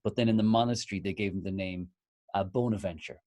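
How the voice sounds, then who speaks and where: A man's voice: on the low side, fast, mellow. An Irish man around forty co-hosting a casual conversation, eager and full of restarts, holding things up to show the audience. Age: 40s. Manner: eager, restarts his sentences, shows things to the camera. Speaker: co-host.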